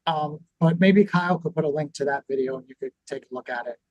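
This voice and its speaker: A man co-hosting a business talk show, teaching in a lively conversational way and acting out what people would say. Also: a little high, quick pace, no echo, lo-fi sound. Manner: animated, acts out quoted reactions. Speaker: podcast co-host.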